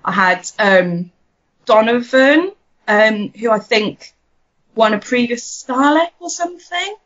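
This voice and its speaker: A woman's voice: a little high, animated, takes it slowly, a bit bright. A woman, a podcast guest chatting casually, laughing often and restarting her sentences. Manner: giggly, stammering restarts. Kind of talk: casual chat. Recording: dull lo-fi audio.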